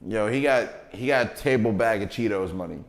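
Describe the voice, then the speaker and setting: A man's voice: fairly low pitch, moderate pace. A man co-hosting a livestreamed podcast, chatting casually with slangy banter and frequent laughter. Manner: laid-back slangy banter, laughs often. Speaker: podcast co-host. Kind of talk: casual chat. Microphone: livestream mic. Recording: echoey room.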